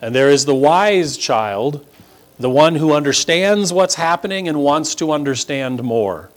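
A man's voice: a little high, expressive, a little slow. A man pastor preaching a sermon to his congregation from the pulpit, emphatic and piling up words in rhetorical lists. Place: church sanctuary before a congregation.

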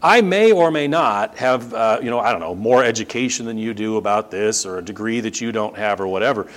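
A middle-aged man preaches a sermon, his pitch rising and falling a great deal as he presses each point. He piles up emphatic repetitions and throws in sarcastic asides. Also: lively intonation, a little fast. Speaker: pastor.

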